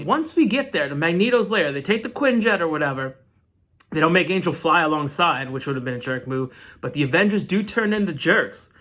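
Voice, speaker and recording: Animated man recapping comics. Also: fairly high pitch, brisk. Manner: animated storytelling with side rants. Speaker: comic book channel host. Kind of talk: casual comic book recap.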